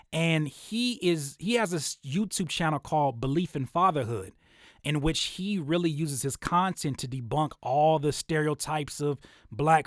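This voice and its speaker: A young man talking casually about making videos, animated and loose with plenty of restarts. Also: a little high, no echo, clean studio sound. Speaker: YouTuber and rapper giving creator advice. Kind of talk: casual livestream-style talk.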